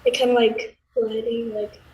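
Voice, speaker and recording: A woman's voice: on the high side, little pitch movement, moderate pace, darkish tone, a little hiss or hum, rough recording. Hesitant young-sounding woman student. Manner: hesitant, many fillers. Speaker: piano student.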